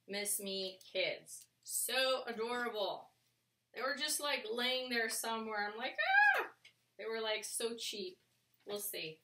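A woman's voice: medium pitch, bright, forceful tone. A woman casually chatting through a clothing haul for her resale vlog, rambling along with plenty of fillers. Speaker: clothing reseller showing a thrift haul. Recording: echoey room, mic at a distance.

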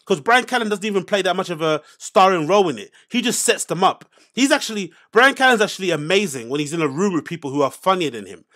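A man's voice: high-pitched, very animated, quick pace, few pauses, fairly bright tone. A man hosting a casual commentary, reacting to podcast clips in an exasperated, sarcastic rant.

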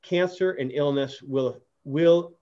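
A man's voice: a little high, slow, dark tone. Earnest man telling a story over lo-fi audio. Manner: earnest storyteller, many restarts and fillers. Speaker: podcast host. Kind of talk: casual interview chat.

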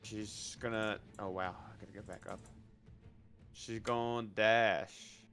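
A man with a gravelly, low voice plays a tabletop game, talking slowly in slangy, laid-back banter. Faint music plays behind him. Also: fairly even intonation, fairly bright tone. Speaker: player. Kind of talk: casual tabletop game play.

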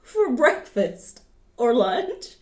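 A woman's voice: a little high, sing-song, drawn-out words, darkish tone, reverberant. A woman from the American South with a Southern accent, chatting casually in a reaction vlog and talking straight to her viewers. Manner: chatty, laughs often, addresses viewers directly. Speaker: reaction YouTuber.

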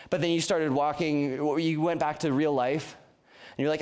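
A man's voice: fairly high pitch, steady tone, normal speed. A young man preaching a youth sermon in an earnest, conversational way, often restarting his sentences. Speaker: youth pastor.

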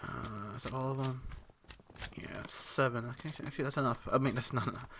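A man giving live, excitable gameplay commentary, talking to himself, swearing and reacting loudly as he plays. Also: medium pitch, fairly quick, background noise.

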